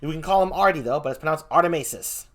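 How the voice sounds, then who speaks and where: A man's voice: a little high, racing. Chatty upbeat male stream host. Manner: chatty, upbeat, greets chat viewers. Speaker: show host. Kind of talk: casual livestream chat.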